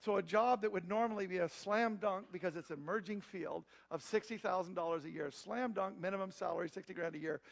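A middle-aged man preaching, telling a story in a lively, conversational way with asides to his congregation. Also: sits high, quick pace, creaky, hardly any pauses. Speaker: pastor. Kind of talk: storytelling sermon.

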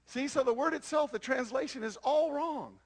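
Very high-voiced gravelly male preacher. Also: normal speed. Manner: preaching with frequent rhetorical questions to the congregation. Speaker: pastor. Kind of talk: sermon.

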